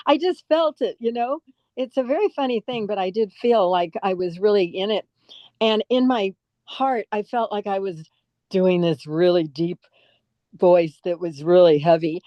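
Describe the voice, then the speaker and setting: A woman's voice: medium pitch, unhurried, warm tone, dry recording. An older woman from California, a guest actress chatting in an interview, who tells stories and laughs often. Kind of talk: casual interview chat. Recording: dull, dry lo-fi sound.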